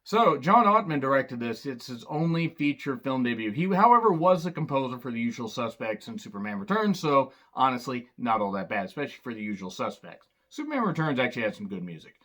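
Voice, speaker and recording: A man's voice: medium pitch, very animated, a little fast, hardly any pauses, a bit bright. A man giving a casual, rambling spoken film review, full of sarcastic wisecracks and loose asides. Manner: loose and rambling, with fillers and restarts. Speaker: movie reviewer.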